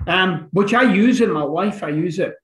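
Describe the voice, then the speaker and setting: A man's voice: high voice, moderate pace, echoey room, poor audio. A man from Glasgow with a Scottish accent, a guest author talking casually and reflectively in an interview. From Scotland.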